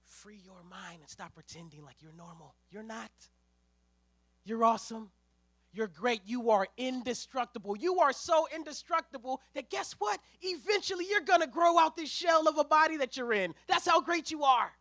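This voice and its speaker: Man preaching in a conversational way, slangy and lively, voice very high and bright. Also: moderate pace, dry recording. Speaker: ministerial intern preaching. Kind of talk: sermon.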